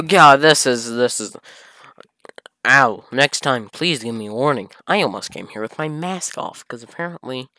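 A man's voice: mid-range voice, pushed and bright, dry recording. Exasperated man mocking a fan fiction. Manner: exasperated, sarcastic, swearing. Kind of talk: comedic fan fiction reading with commentary.

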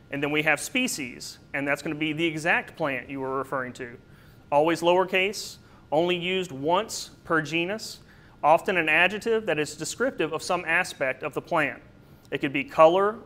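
A man delivers a slide-based botany lecture in a fairly high, bright voice. He explains step by step, with occasional fillers and little asides to his audience. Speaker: presenter.

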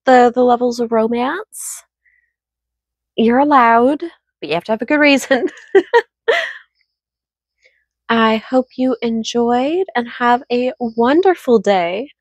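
Read-aloud host, woman, hoarse, fairly high voice, dry close sound, wry and playful. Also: slow, long pauses, dry recording, dull audio. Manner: playful, wry asides with laughs. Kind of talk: reading aloud and chatty commentary.

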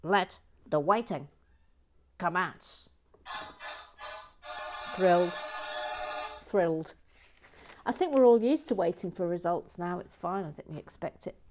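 A woman's voice: fairly low pitch, slow, pauses often, soft background music. A woman hosting a building stream in casual chat. She reads out viewer comments, repeats words to herself fondly, and often drops to a near whisper. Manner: soft-spoken, often drops to a murmur or whisper, then perks up. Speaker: host building a toy set on a live stream.

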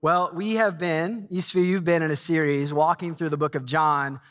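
A man in his forties preaching a sermon in a church, telling a self-mocking story with lively energy. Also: fairly high pitch, normal speed. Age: 40s. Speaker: pastor. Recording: long hall reverb.

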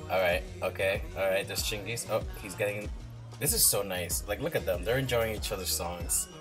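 A man hosting a reaction video, chatting casually and gushing with excitement as he watches. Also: fairly low pitch, moderate pace. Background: music playing from the video.

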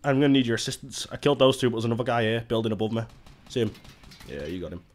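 A young man from Britain playing a video game with friends, excitable and laughing, swearing often as he talks on a headset. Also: medium pitch, rapid-fire, a little hiss or hum. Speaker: gaming YouTuber. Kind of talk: casual gaming chat with friends.

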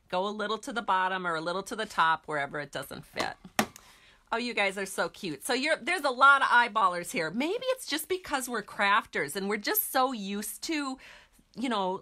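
A woman's voice: a little high, pushed and bright. A woman demonstrating a card-making craft, chatting casually with her viewers as she works. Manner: chatty, talks to viewers while working.

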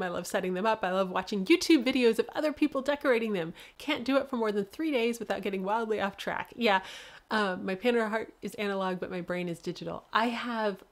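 A woman author hosting a casual livestream, talking freely with lots of fillers and frequent laughter. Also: medium pitch. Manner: chatty, laughs often, many fillers.

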